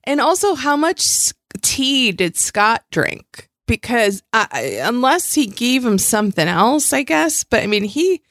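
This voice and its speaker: A woman's voice: a little high, lively intonation, measured pace, hardly any pauses, a bit bright, no echo, studio quality. A woman co-hosting a podcast, making wry, joking comments while chatting casually about a movie. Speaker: podcast co-host. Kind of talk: casual chat recapping a movie.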